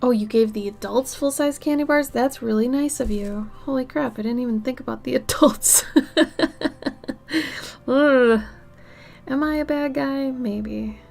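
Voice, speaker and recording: Drowsy, creaky-voiced woman streamer. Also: high voice, measured pace, faint music behind. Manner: drowsy, soft-spoken, drifts into half-whispered asides. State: tired, yawning. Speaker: art livestreamer. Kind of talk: casual chat while drawing on stream.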